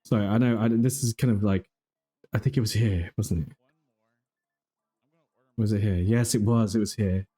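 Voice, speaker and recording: A man's voice: fairly low pitch, fairly even intonation, normal speed, pauses often, mellow, slightly rough. A man hosting a casual livestream, telling exasperated, profane stories while reviewing game footage. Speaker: livestream host.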